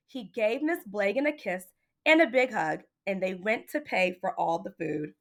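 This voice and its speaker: A woman reading a picture book aloud in an expressive, playful way. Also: mid-range voice, normal speed. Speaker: storybook reader.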